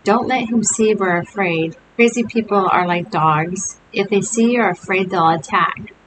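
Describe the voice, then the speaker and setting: A cautious young boy from a storybook speaks in hushed, urgent tones, as a woman puts him on. His voice sits at a middle pitch. A steady hiss runs under the recording. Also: unhurried, lightly acted. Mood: hushed warning.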